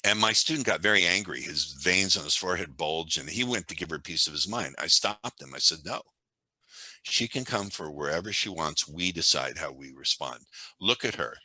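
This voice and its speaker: Deep-voiced, talkative man telling stories. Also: moderate pace, breathy edge, no echo, poor audio. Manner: animated, talkative storyteller. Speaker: podcast guest, hypnosis and sales trainer. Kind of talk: conversational storytelling.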